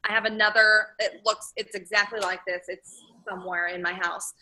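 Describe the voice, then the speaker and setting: A woman's voice: medium pitch, fairly even intonation, a little fast, bright, forceful tone, low-quality recording. A woman sharing tips in a casual video call, rambling and correcting herself as she goes. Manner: rambling, trails off, self-corrects. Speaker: book sales consultant.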